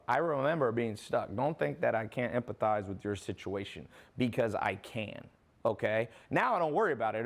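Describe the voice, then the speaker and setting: A man's voice: mid-range voice, vocal fry. A man giving a casual, rambling sales presentation straight to the viewer, often breaking off and asking "okay?". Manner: rambling, restarts, addresses viewer directly with "okay?". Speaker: online business presenter.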